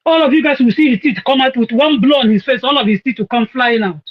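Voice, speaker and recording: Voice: high-pitched, fast, muffled recording. A speaker in an online audio room ranting angrily and confrontationally.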